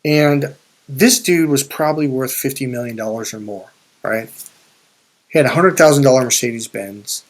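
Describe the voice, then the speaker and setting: Speaking at a moderate pace with a medium-pitched voice, this male spiritual and life coach rambles through a casual story for viewers. His delivery is profane, full of restarted sentences.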